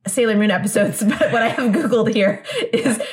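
A woman's voice: fairly high pitch, normal speed. A young woman hosting a podcast in casual chat, chatty and laughing, saying "like" a lot. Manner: chatty and laughing, often says "like". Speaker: podcast host.

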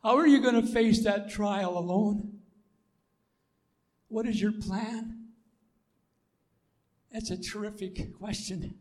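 A man preaching a sermon, emphatic and repetitive, swelling to loud declarations and dropping to soft asides. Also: high voice, slow, long pauses.

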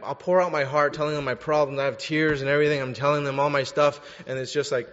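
A young adult man preaching a sermon, candid and animated as he tells personal stories, then direct as he exhorts his listeners. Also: fairly high pitch, fast talker, few pauses. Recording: dull recording in a reverberant hall.

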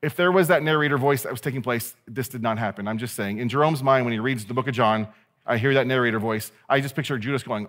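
A male pastor delivering a sermon in a lively, conversational way. He jokes with his listeners and acts out the people in the story. His voice sits at a middle pitch for a man. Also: quick pace. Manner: animated, conversational preaching with playful asides.

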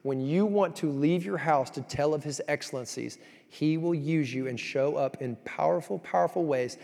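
A man preaches, his voice sitting a little high. He tells his stories with energy, swinging from loud bursts to hushed asides. The sound carries a long reverb of a big hall. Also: normal speed, creaky. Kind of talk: sermon.

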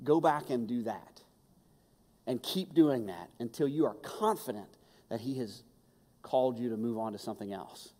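A man's voice: mid-range voice, moderate pace, a little mellow. A man preaching a sermon, emphatic and impassioned, hammering his points home by repeating key phrases. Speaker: pastor. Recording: long hall reverb.

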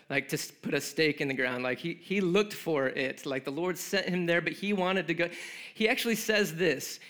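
High-voiced man preaching a sermon. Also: a bit bright. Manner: conversational, joking asides, frequent "like" fillers. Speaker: pastor.

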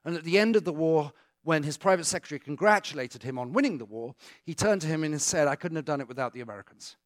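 A man's voice: a little high, lively intonation, quick pace, dry recording, studio quality. A British man giving a joking, conversational church talk to a congregation and taking questions. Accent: British English. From Britain. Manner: chatty and joking, with asides to the audience. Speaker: guest speaker.

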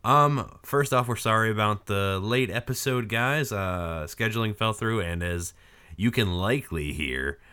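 A man hosting a podcast in casual chat, hoarse from a cold, joking crudely and rambling. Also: on the low side, a little slow, bright, forceful tone. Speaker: podcast host.

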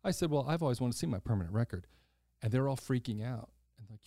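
Fast and medium-pitched, this man in his sixties hosts a podcast from a studio with no room sound. His personal story comes out casual and blunt, with offhand swearing and lively impressions of everyone he quotes.

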